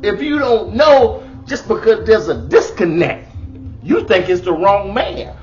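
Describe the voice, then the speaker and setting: Animated comedian with wildly swinging pitch. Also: male voice, unhurried, highs cut off, soft background music. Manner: animated, exclaiming and singing out, bold persona. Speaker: comedian giving relationship advice. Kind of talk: comedic monologue.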